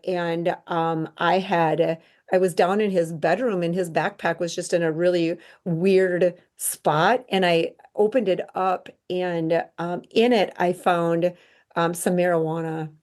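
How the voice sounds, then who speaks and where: A middle-aged woman, a podcast guest, telling a painful personal story in an earnest, halting way, full of restarts. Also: on the low side, steady tone, darkish tone.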